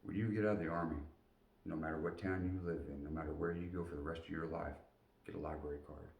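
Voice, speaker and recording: A man's voice: low voice, expressive, fairly quick, dull audio. A man voicing a stern but caring male Army sergeant who gives firm advice, recorded with roomy echo from a distant mic. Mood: earnest advice. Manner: firm, instructive.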